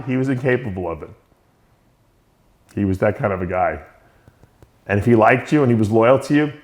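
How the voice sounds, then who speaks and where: A male show host giving an unscripted spoken tribute to a late friend, reminiscing with frequent short laughs. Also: fairly low pitch.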